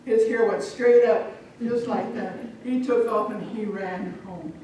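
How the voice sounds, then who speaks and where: A middle-aged woman from Omaha telling a folk tale live to an audience, lively and chatty, with asides to the crowd. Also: medium pitch, unhurried, lo-fi sound, a little hiss or hum. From Omaha, Nebraska. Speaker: storyteller. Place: large event hall. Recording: echoey hall from far off.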